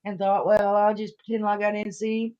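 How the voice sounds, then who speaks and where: A woman's voice: medium pitch, little pitch movement, normal speed, warm tone, clean tone. A woman chatting and telling a story with laughter. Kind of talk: casual chat. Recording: muffled lo-fi stream audio.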